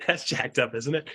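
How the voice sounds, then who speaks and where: A man coaching real estate agents in a fast, punchy teaching talk, acting out client dialogue and often adding a quick "okay?" or "right?". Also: on the high side, slightly rough. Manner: fast and punchy, with frequent tag questions.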